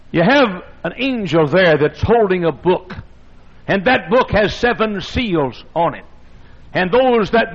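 A man's voice: high voice, highs cut off. A man preaching a sermon in an emphatic, repetitive cadence.

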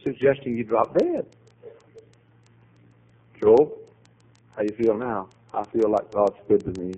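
A man preaching a sermon, telling a story with acted dialogue and swings to loud, high emphatic climaxes. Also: lively intonation, measured pace, long pauses, husky, poor audio.

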